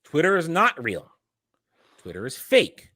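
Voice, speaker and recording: A man's voice: a little high, unhurried, noisy background. A man hosting a casual commentary chat, ranting with lots of restarts. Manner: ranting, animated, frequent restarts. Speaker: host.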